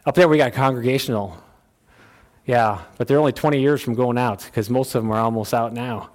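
A male pastor delivering a sermon in a plain-spoken, folksy way, swinging between loud, high exhortation and quiet, low asides. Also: fairly quick.

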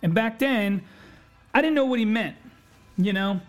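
A man speaks in a high, fired-up voice, swearing constantly as he delivers a blunt motivational monologue. Faint music runs underneath his talk. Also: measured pace. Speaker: podcast host. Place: home recording setup.

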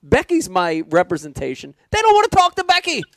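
Lively, emphatic man. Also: brisk, no echo, clean studio sound. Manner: emphatic, repeats himself, lively pitch. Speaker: podcast co-host. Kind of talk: casual chat.

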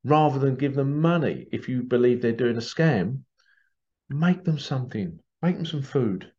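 A man's voice: mid-range voice, animated, moderate pace, a little mellow, highs cut off. A man hosting a podcast, talking earnestly in a rambling, repetitive monologue. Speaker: podcast host. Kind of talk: casual monologue.

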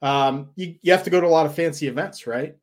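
A man's voice: a little high, fast talker. A man co-hosting a podcast, telling stories and giving advice in a loose, rambling way with lots of fillers. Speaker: podcast co-host. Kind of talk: casual podcast chat.

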